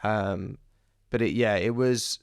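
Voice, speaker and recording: A man's voice: lowish voice, takes it slowly, clear, resonant tone, dry recording, clean studio sound. A man, an actor chatting as a podcast guest, telling rambling stories. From southern England. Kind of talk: casual interview chat.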